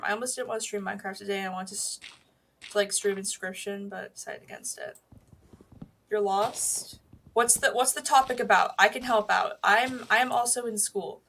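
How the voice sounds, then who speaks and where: Bright, rambling woman streamer. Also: a little high. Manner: rambling, swears freely, answers chat. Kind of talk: casual gaming livestream chat.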